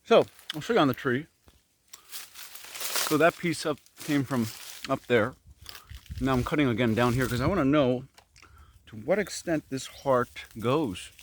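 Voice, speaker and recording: Man from Korea, casual outdoor vlogger, rambling asides, talks through mouthfuls, mid pitch, faint nature noise behind. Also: unhurried, pauses often. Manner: talks while chewing. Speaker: vlogger clearing a fruit garden. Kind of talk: casual walk-and-talk vlog. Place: outdoors in an overgrown tropical garden.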